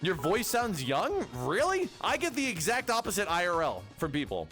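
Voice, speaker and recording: Young male streamer, joking and rambling, high animated voice, faint music. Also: normal speed. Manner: joking, rambling, talks to chat. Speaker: VTuber streamer. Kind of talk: casual livestream chat.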